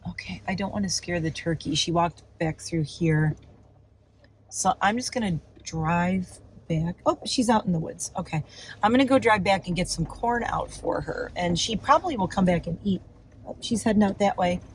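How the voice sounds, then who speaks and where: A woman vlogging casually while filming birds from her car and yard, chatty and excitable, sometimes out of breath. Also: moderate pace, slight background noise, low-quality recording. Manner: excited and chatty, breaks into high squeals when calling her turkey. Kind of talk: casual vlog narration. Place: in a car and outdoors in a windy yard.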